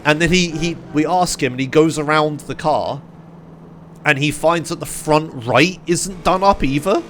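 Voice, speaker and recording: A man's voice: fairly high pitch, unhurried, a bit bright, slight background noise. A young British man, a streamer, telling a rambling story to his chat, swearing freely and full of fillers.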